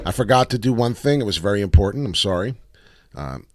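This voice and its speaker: A man's voice: medium pitch, very animated, fairly quick, dry recording. A man giving casual, brash live commentary on price charts, rambling and swearing freely. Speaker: crypto chart analyst streamer.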